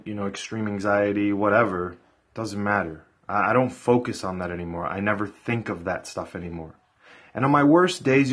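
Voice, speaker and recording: A man's voice: on the low side, slightly rough. A man giving a blunt, profane motivational pep talk to his viewers in a casual vlog. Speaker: vlogger.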